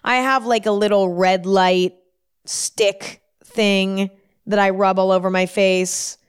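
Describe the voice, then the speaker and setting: A woman hosting her own show, talking alone in a chatty, rambling way with quick self-deprecating asides. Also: medium pitch, steady tone, clean tone. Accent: put-on New York twang at times. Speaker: podcast host. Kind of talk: casual solo chat.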